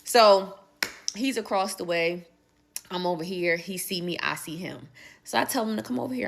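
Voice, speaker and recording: A woman's voice: mid-range voice, moderate pace, vocal fry, fairly bright tone. A woman in her forties animatedly telling a personal story, emphatic and acting out the dialogue. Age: 40s. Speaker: social media poster. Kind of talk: casual storytelling clip.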